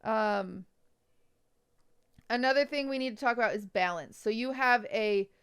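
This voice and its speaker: A woman's voice: fairly high pitch, measured pace, clean tone. A woman streamer giving blunt, teasing design critiques in a casual livestream chat. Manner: blunt, teasing, nitpicky advice. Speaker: streamer reviewing viewers' bedrooms.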